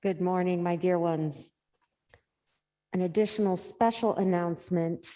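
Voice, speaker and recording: A woman greets the congregation affectionately and reads a service announcement. Her voice is low and mellow. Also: fairly even intonation, a little slow. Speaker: service leader giving announcements. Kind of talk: church announcement.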